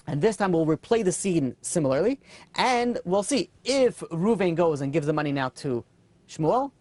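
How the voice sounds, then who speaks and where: A man, a rabbi, telling a moral story in a sermon, earnest and animated with casual fillers. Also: a little high, no room sound. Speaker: rabbi teaching a class.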